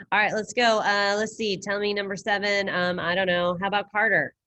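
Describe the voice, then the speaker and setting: A woman's voice: medium pitch, steady tone, moderate pace, pushed and bright, no echo. A woman teaching a Spanish class over a video call, casual and upbeat as she quizzes her students. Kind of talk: online class lesson. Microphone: computer mic on a video call.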